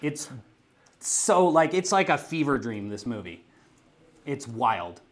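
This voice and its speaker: A man's voice: medium pitch, big pitch swings, slow. Rambling, chatty man telling a story. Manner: rambling storyteller, heavy use of "like". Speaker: guest painter. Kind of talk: casual livestream chat. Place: gaming store.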